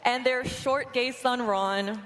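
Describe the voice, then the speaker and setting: A woman works a red carpet, firing scripted jokes at the guests. Her voice sits a little high, and she stresses words in odd places. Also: fairly even intonation, slow pace, fairly bright tone, a little hiss or hum. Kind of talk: scripted interview banter.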